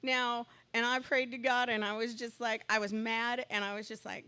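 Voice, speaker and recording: Woman rambling thru a story, chatty, gets excited, medium pitch. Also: normal speed, clean tone. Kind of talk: casual chat.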